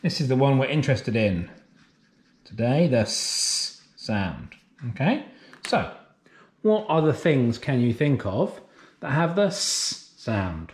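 Slow, sing-song man teaching phonics. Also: a little hiss or hum. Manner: slow, drawn-out sounds with lively, sing-song pitch. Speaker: nursery teacher. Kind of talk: phonics lesson for young children. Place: classroom or home, recorded for remote learning.

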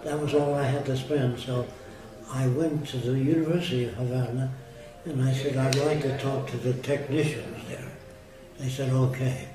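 A man's voice: medium pitch, steady tone, normal speed. Blunt storytelling man, distant roomy sound. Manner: blunt, anecdotal, plain-spoken. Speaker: interviewee. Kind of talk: casual storytelling. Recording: roomy, distant mic with music underneath.

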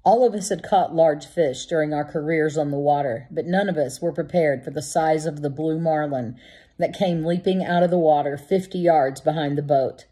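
A woman narrating a novel as an audiobook in a measured, vivid storytelling manner. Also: deep voice, dark tone, slightly rough. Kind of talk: scripted narration.

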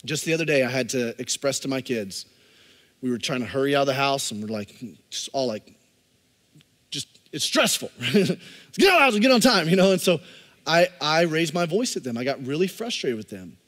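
A man in his thirties preaching a sermon as pastor, swinging from loud, emphatic lines to soft, close asides. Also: medium pitch, big pitch swings, a little fast, big-room sound. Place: church sanctuary.

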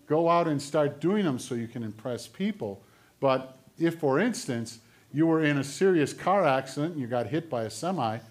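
A man preaching a sermon in church as pastor, moving from loud urging to quiet, low asides.

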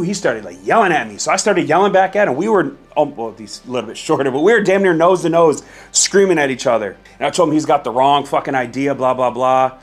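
A man's voice: on the high side, animated, quick pace, hardly any pauses, soft background music. Laid-back man telling a profane story. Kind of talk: casual storytelling to camera.

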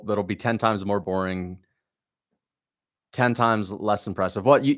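Speaking in a lowish, slightly bright voice, a young livestream host reacts to a fight. He keeps it casual, reading out questions from viewers and mocking what he watches with blunt sarcasm.

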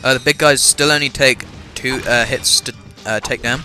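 Bright-voiced English gamer with a cough. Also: male voice, mid-range voice, fairly even intonation, moderate pace. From England. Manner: chatty, self-mocking, many fillers. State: has a cough. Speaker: let's-play gamer. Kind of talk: casual game commentary. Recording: voice over game music.

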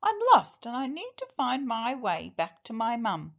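Woman putting on a little boy elephant, high voice, pleading, anxious, storybook, lo-fi sound. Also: sing-song, unhurried, vocal fry, heavily acted. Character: young boy elephant, lost and polite.

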